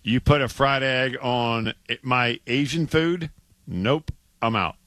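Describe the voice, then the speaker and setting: Man, sports radio host, casual emphatic banter, bright timbre, dry studio mic. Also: medium pitch, takes it slowly, no echo. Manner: animated, emphatic, repeats himself when worked up.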